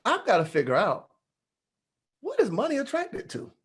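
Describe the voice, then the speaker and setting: Man, motivational speaker, lively swooping pitch, playful preacher-like delivery, online meeting. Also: normal speed, husky. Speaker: guest speaker. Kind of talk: motivational talk to a group.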